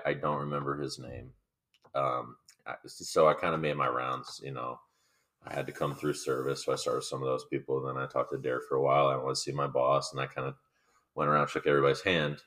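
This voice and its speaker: Very deep-voiced man telling profane work stories. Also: level tone, a little fast, fairly bright tone. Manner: profane storytelling, acts out quoted coworkers. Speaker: podcast co-host. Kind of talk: casual chat.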